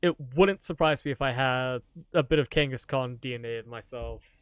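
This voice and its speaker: A man's voice: mid-range voice, normal speed, smooth, no echo. A man chatting casually to his live-stream audience while gaming, rambling, joking and swearing offhandedly.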